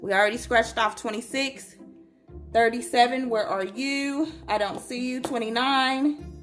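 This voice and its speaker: A woman's voice: on the high side, fairly bright tone, soft background music. A woman chatting casually to viewers while scratching lottery tickets and reading numbers aloud. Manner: chatty, slow and drawn-out, reads numbers aloud.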